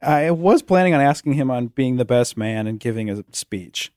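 A man in casual comedic banter, hesitant and halting, with many ums. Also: medium pitch, lively intonation, a little mellow, smooth, dry recording, studio quality. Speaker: comedy podcast regular getting married.

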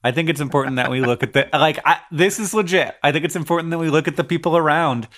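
A man co-hosting a podcast in casual chat, animated and earnest, often laughing. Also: on the high side, quick pace. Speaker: podcast co-host.

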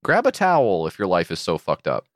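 A man's voice: low-pitched, huge pitch swings, a little fast, dry recording, studio quality. A man co-hosting a casual comedy podcast, adding wry, sarcastic asides and commentary. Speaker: podcast co-host.

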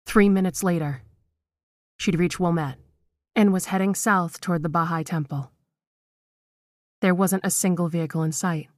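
A woman narrating a horror story in a measured, dramatic reading. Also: lowish voice, dry recording, clean studio sound.

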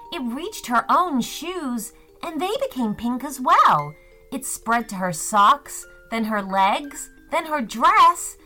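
A woman narrating a children's story in a gentle, expressive way. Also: sits high.

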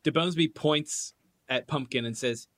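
A man's voice: medium pitch, normal speed, fairly bright tone. A man playing a tabletop game, playful and swaggering. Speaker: player.

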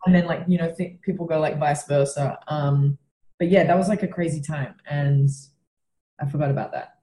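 A woman's voice: low voice, steady tone, normal speed, dark tone. An Australian woman from Western Australia, a young comedian animatedly telling a story in a casual chat, swearing freely and acting out quotes. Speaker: comedian guest. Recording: roomy echo.

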